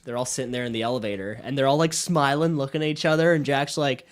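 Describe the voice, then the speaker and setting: A man's voice: mid-range voice, fairly even intonation, fast talker. A young man co-hosting a casual podcast, recapping a movie with lots of fillers and laughter. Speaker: podcast co-host. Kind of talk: casual chat.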